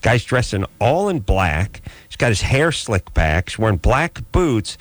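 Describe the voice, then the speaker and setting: A man's voice: on the low side, sing-song, unhurried, no room sound. Sardonic man telling a rambling story. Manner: rambling, sardonic, many restarts. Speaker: radio show host. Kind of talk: casual radio talk, storytelling.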